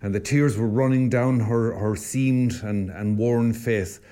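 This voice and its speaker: Irish male priest, podcast co-host, mellow and reflective, conversational storyteller. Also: mid-range voice, steady tone, unhurried. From Ireland. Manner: reflective storyteller with frequent restarts. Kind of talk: casual conversational podcast talk.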